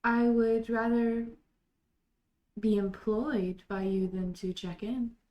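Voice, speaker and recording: A woman's voice: fairly high pitch, steady tone, slow. A woman playing her character in a tabletop game, speaking bluntly and with pointed questions. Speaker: player. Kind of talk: in-character role-play. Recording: dull, echoey room.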